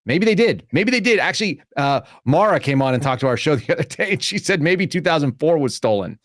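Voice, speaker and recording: A man's voice: on the high side, lively intonation, a little fast, dry recording. Sarcastic man ranting dry. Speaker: podcast host. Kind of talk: political commentary.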